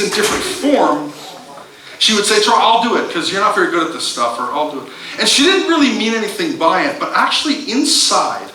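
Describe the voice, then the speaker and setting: A pastor tells a self-mocking story from the pulpit in a bright, lively voice that swings high and low. He stumbles and restarts often as he jokes. His voice carries through an echoey church from a little way off the mic. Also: a little hiss or hum. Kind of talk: sermon with a personal story. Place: church sanctuary. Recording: roomy church sound from a distance.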